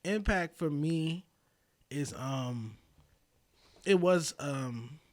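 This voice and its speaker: A man with a fairly high voice speaks as a podcast guest. He talks casually and thoughtfully, pausing often with fillers as he works through his points. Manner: relaxed, thoughtful, many fillers. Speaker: podcast guest, magazine founder. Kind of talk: casual interview chat.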